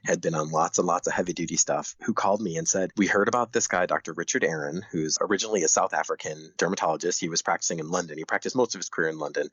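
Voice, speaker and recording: Fast-talking husky low-voiced doctor. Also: male voice, dry recording, highs cut off. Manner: animated, acts out dialogue with big pitch jumps. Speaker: dermatologist guest. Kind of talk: storytelling interview answers.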